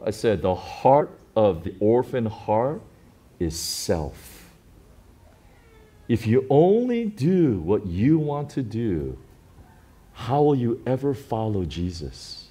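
A middle-aged pastor preaching a sermon, telling stories with big swings from quiet and low to loud and high. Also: male voice.

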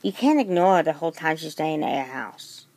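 A woman plays a kind teen girl who tries to smooth things over between friends, coaxing and gentle, with a gravelly edge. The sound is close and dry. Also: sits low, lively intonation, fairly quick, no echo.

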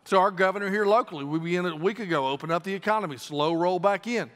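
A man with a Southern US accent preaching a sermon as pastor, emphatic and repeating phrases for stress, swinging between loud and quiet. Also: sits high, quick pace. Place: church. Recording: long reverb of a church hall.

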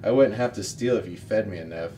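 A man's voice: lowish voice, fairly quick, warm tone, a little hiss or hum, lightly acted, rough recording. Man voicing a defiant hungry boy.

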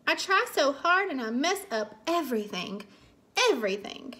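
A woman's voice: sits high, big pitch swings, moderate pace, bright, forceful tone, heavily acted. Woman doing a big clumsy storybook dog. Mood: sad. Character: big clumsy good-hearted male dog.

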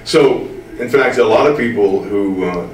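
An older man with a lowish voice tells stories at an easy, drawling pace and stresses his words firmly. He sits away from the mic in a roomy space, with a faint hiss behind him. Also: a little mellow. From American Midwest. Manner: drawling, slow to get things said, emphatic. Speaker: voice actor interviewee. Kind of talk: casual interview storytelling. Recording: roomy room, distant mic.

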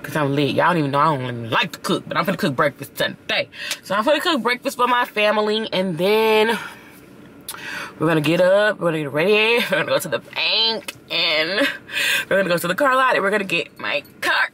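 A young woman talking casually to her camera, excited, slangy and swearing, with loud bursts and laughter. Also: on the low side, fairly quick, slight background noise. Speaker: vlogger. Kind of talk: casual vlog chat to camera.

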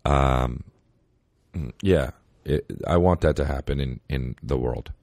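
A man, a comedian hosting a podcast, rambling casually with profane deadpan asides, his voice hoarse and worn out. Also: a bass voice, a little slow, long pauses, no room sound, studio quality. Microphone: close podcast mic.

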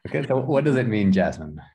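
A man's voice: lowish voice, mellow. A man teaching an online English class, encouraging and explaining with examples. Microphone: video call.

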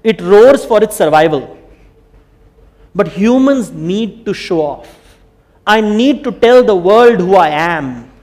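A man with an Indian accent giving a conference talk, telling stories in an animated way and slipping Hindi phrases in. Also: high voice, slow, pauses often. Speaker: speaker. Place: conference hall.

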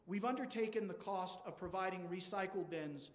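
A man's voice: high-pitched, moderate pace, a little hiss or hum. A man preaching a sermon in a church, asking rhetorical questions again and again. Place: large church. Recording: long church reverb.

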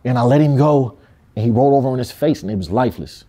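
A man's voice: mid-range voice, fast, dark tone. A man from Compton speaking in a candid interview, emphatic and full of street slang and profanity. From Compton, California.

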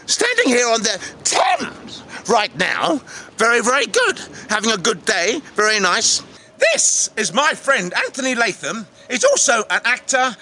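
A man hosting his own vlog outdoors by a city river, animated, jokey and often shouting. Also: very high voice, slight background noise. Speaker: vlog host and actor. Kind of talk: excitable outdoor vlog chat.

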